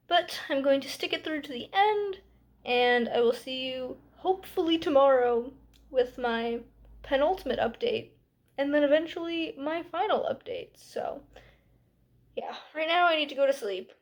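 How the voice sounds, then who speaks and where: A woman's voice: high-pitched, moderate pace. A tired woman hosting a book club vlog, talking casually with sarcasm and exasperation, full of "like" fillers. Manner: chatty with many "like" fillers.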